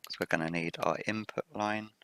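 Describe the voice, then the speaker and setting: A man hosting a game let's play, relaxed and thinking aloud while he builds, his voice a little rough from the early morning. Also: on the low side, fairly quick, slight background noise. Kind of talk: casual gameplay commentary.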